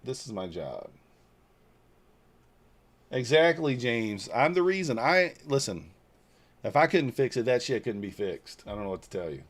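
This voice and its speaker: This man's medium-pitched voice is very animated yet unhurried, with long pauses. A trading livestreamer in his forties from Northeast Georgia, he chats casually and answers viewers' comments out loud, bluntly and loosely, with mild swearing.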